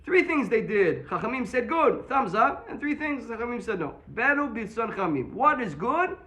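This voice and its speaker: A man teaching a Talmud class, explaining quickly and mixing Hebrew terms into his English. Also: very high voice, big pitch swings, bright, forceful tone, slight background noise.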